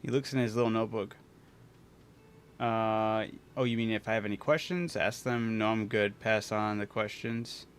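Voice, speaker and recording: A man's voice: on the low side, moderate pace, clean tone. A man playing a video game, casually reading its text aloud and chatting, laughing often. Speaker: gaming streamer.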